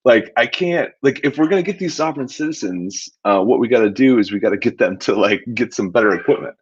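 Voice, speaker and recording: A man's voice: mid-range voice, lively intonation, fast talker, breathy edge, muffled recording. A man hosting a casual show, commenting with amusement on a courtroom video and laughing often. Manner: amused, wry, laughs often while mocking. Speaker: attorney and show host.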